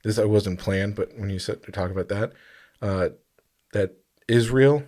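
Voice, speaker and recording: A man with a fairly low voice co-hosts a casual podcast. He rambles and stumbles through his points with plenty of ums and uhs, and sometimes reads a news story aloud in the same loose way. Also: a little mellow. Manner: rambling, halting, with frequent fillers and laughs. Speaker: podcast co-host. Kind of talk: casual chat, reading out a story.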